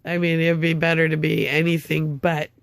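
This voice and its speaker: An older woman with a gravelly, fry-laced voice recounts her story in a rambling, upset way. She stumbles over restarts and laughs bitterly between sarcastic remarks. The sound is dry and close. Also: sits low, little pitch movement, moderate pace, no echo. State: upset, tongue-tied. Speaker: vlogger. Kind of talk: casual storytelling monologue.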